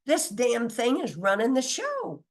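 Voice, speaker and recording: A woman's voice: a little high, huge pitch swings, measured pace. Chatty, emphatic woman spiritual teacher. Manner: chatty and emphatic, laughs often, mild cursing; loses her place and restarts, reads from notes.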